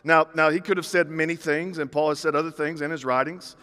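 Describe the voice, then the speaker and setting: A man's voice: fairly high pitch, steady tone, a little fast, bright, forceful tone. A man in his thirties preaching a sermon in a conversational style, with punchy repeated phrases. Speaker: pastor. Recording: reverberant hall.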